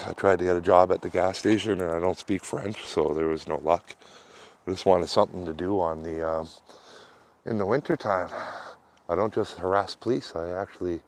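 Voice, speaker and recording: A man with a very low, deep voice rambles casually to his viewers as he walks outdoors along a quiet street. He talks in a loose, chatty way and sounds warm and a little sweaty from walking. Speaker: vlogger. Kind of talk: casual chat while walking.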